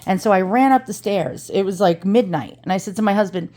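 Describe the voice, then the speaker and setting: A woman's voice: mid-range voice, a little fast, warm tone. A woman with an East Coast American accent, talking in a chatty and dramatic way in a casual unboxing vlog, swearing freely. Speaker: antiques reseller vlogger.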